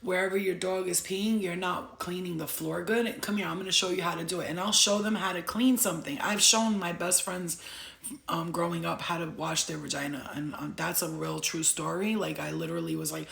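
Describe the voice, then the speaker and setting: Gravelly, blunt, profane woman. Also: on the low side, a little fast, echoey room. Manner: blunt and profane, tells animated stories. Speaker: astrology vlogger. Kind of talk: casual talk on astrology signs.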